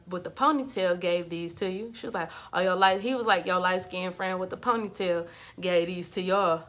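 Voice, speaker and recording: A woman vlogger telling a personal story in a casual, animated, chatty way. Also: medium pitch.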